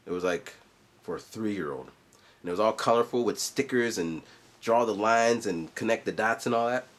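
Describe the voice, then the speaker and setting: A man's voice: on the low side, normal speed. A man in his forties, a vlogger and musician, chatting casually in a loose, rambling way full of asides. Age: 40s. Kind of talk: casual vlog chat.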